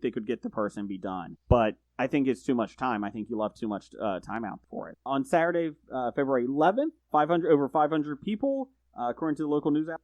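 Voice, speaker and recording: A man's voice: mid-range voice, a little mellow, no echo. A man on a podcast as a guest, talking casually with rambling, self-correcting sentences and joking asides. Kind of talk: casual true-crime chat.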